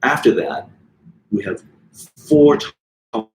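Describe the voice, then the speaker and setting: A man's voice: lowish voice, normal speed, rough recording. A middle-aged man from the Boston area with a Boston accent, giving an online voice lesson and breaking into sung examples as he explains. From Boston area, United States. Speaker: voice teacher.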